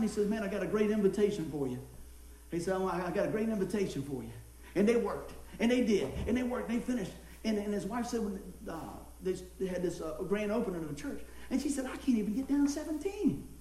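Acting as pastor, a man delivers a sermon and tells a story in an animated way, laughing often. His voice is high-pitched, and the poor-quality audio carries the echo of the room.

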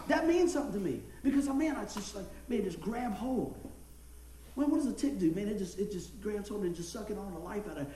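A middle-aged man delivers a folksy, storytelling sermon in a high voice. He is recorded from some distance in an echoey church room, with faint ambient noise behind him. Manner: folksy storytelling, laughing, animated. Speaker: pastor.

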